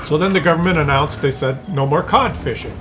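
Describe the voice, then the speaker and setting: Chatty high-voiced man telling tales. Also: a little fast, noisy background. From Canada. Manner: rambling, chuckling, mock voices for others. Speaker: gameplay commentator. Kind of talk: casual storytelling over gameplay.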